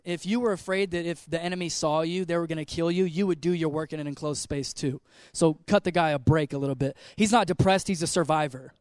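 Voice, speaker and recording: A man in his twenties, a pastor giving an energetic, joking, conversational sermon in a church. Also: high-pitched, smooth, dry recording, studio quality. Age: 20s.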